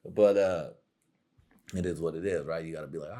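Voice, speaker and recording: A man's voice: sits low, fairly even intonation, moderate pace, dark tone. A young adult man hosting his own show, rambling through a crude, profane comedic monologue full of slang and frequent laughter. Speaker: podcast host.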